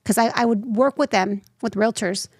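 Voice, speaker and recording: A woman in her thirties, a nonprofit founder telling her story as an interview guest, lively and acting out the voices she quotes. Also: a little high, moderate pace, no room sound, clean studio sound. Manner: animated, acts out quoted voices.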